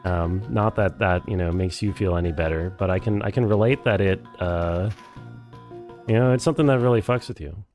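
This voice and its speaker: A man streaming a game, chatting casually and reading chat aloud in a rambling, deadpan, self-deprecating way. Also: low-pitched, a little fast, faint music behind. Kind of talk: casual live-stream chat while playing.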